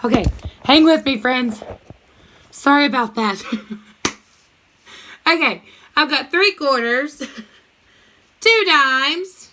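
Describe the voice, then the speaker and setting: Teaching math to young kids through a computer microphone, a woman speaks in a cheerful, lively sing-song with a bright, somewhat high voice. She goes slowly, leaves long pauses, and breaks into little rhymes for her class.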